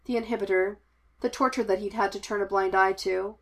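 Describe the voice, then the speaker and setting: A woman narrating an audiobook of fan fiction with a measured, expressive reading. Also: medium pitch.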